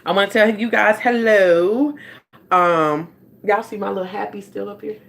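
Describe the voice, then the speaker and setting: A woman's voice: medium pitch, normal speed, gravelly. A woman, a life coach hosting a casual livestream from home on her phone. She rambles and talks straight to her viewers.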